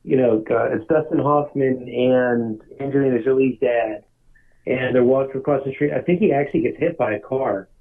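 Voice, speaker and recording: A husky-voiced man co-hosting a relaxed podcast about movie soundtracks, with a mid-range pitch. He chuckles and tosses in dry, teasing asides. His voice comes through a tinny, phone-like line. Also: moderate pace. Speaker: podcast co-host. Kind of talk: casual film soundtrack chat.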